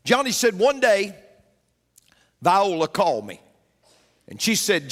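A man's voice: high-pitched, sing-song, slow, long pauses, big-room sound. A male pastor preaching a sermon, telling a story and repeating key phrases for emphasis.

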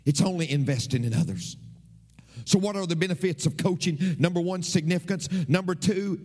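A man's voice: a little high, breathy edge. A man preaching a sermon as a pastor, emphatic and repetitive, his voice swooping up and down. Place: church. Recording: long reverb of a church hall.

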